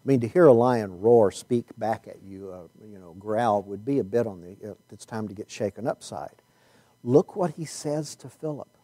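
A man preaching a sermon, reading Bible verses and stretching key words slowly for emphasis. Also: lowish voice, dark tone, dry recording.

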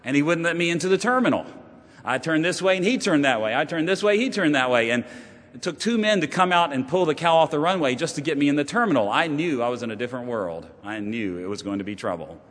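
A man preaching a sermon, telling stories, sometimes dropping to a hush and then building up with emphasis. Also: a little high, animated, quick pace. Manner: storytelling, shifting from hushed to rising emphasis. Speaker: pastor. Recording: long hall reverb.

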